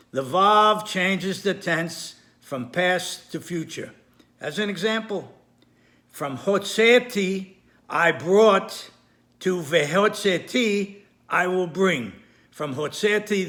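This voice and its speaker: A man giving a recorded lesson, explaining carefully with repetition, pauses and small self-corrections. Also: sits high, fairly bright tone. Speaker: Torah teacher. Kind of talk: recorded lesson on Hebrew grammar.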